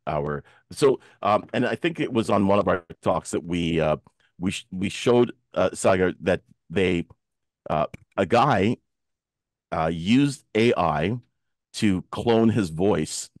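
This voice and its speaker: A man hosts a casual discussion over a video call, his low voice close and dry. He tells stories with energy and slips into the voices of the people he quotes. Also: slow pace, no echo. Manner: animated storyteller, acts out quoted voices. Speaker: talk show host.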